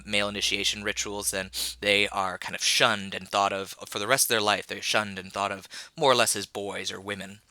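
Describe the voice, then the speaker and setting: Give me a man recording a casual video lecture, his low, very bright voice dry and close to the mic, talking in a rambling way with lots of fillers and restarts, a bit under the weather. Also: dry recording. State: slightly ill, coughing. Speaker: college instructor.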